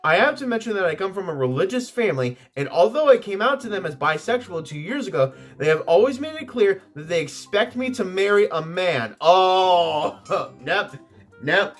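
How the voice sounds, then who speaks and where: A man's voice: high voice, sing-song, a little fast, few pauses, soft background music. A man hosting a video, reading online stories aloud and often breaking off to exclaim and swear in his own commentary. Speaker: host reading Reddit stories.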